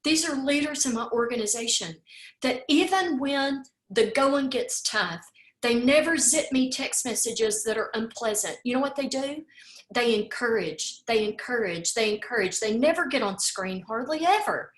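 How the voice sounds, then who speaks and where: A tearful woman speaks in a higher register, her voice ringing in an echoey room. She talks with heartfelt emotion, repeating her words as she thanks her team. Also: lively intonation, moderate pace. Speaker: host of an online coffee talk. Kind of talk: emotional farewell speech.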